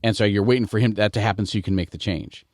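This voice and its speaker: Low-voiced American man hosting a podcast. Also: rapid-fire, no echo, studio quality. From United States. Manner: relaxed, conversational, digressive. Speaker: podcast host. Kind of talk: casual podcast chat.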